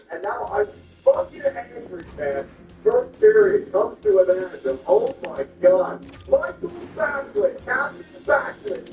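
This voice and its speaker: A man commentating a hockey video game play by play, swinging from calm calls to loud outbursts and cursing, from Canada. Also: very high-pitched, reverberant, distant mic, narrow, tinny audio. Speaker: gaming commentator.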